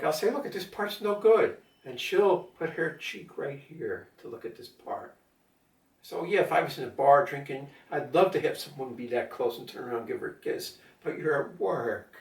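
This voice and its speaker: An older man vlogs from home during a power outage, his voice a little high and gravelly. He rambles casually with plenty of fillers, pausing for asides to his cat. The mic sits at a distance, giving a roomy echo.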